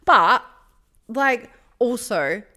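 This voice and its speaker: A woman's voice: on the high side, lively intonation, very slow, pushed and bright. A woman co-hosting a podcast in casual chat, reacting bluntly and emphatically. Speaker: podcast co-host.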